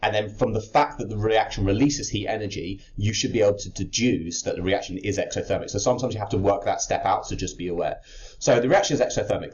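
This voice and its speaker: Here a man's fairly low, slightly mellow voice walks through a worked answer in an exam-prep chemistry lesson. He writes as he explains each step, stumbling into fillers and restarts, and the lo-fi recording sounds a bit dull.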